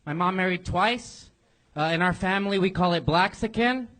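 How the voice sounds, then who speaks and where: A man's voice: sits high, normal speed, a bit bright. Man firing self-mocking stand-up one-liners. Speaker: band drummer doing a stand-up set. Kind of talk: stand-up set.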